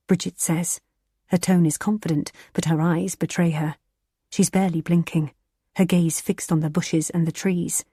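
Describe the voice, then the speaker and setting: A woman reading a thriller audiobook in a tense, measured narrating style. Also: on the low side, fairly even intonation, dark tone, slightly rough, no echo, clean studio sound.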